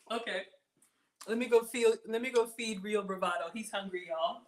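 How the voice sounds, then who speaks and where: Chatty, excitable woman. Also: mid-range voice, normal speed. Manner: chatty and excitable, talks to viewers with "y'all". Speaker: home cook livestream host. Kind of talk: casual livestream cooking chat.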